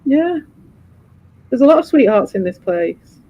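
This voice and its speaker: Male streamer, high voice, sweary rambling chat, muffled lo-fi audio. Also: a little slow. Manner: swears freely, rambling and animated. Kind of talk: casual chat.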